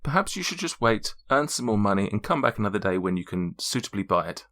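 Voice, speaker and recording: Cast: a man playing a formal shrewd merchant, lively pitch, measured haggling. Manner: formal, measured bargaining speech. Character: mysterious male shop owner, formal and shrewd.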